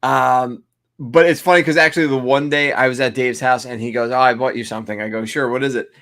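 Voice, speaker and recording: A man's voice: mid-range voice, steady tone, fairly quick, a bit bright. A man co-hosting a casual podcast chat, an enthusiastic interviewer who gives promotional plugs. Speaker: co-host.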